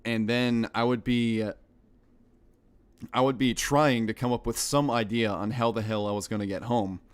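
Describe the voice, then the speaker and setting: A man's voice: medium pitch, moderate pace, clear, resonant tone. A young American man streaming, reading a visual novel aloud and rambling between lines. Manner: rambling, animated commentary with laughs.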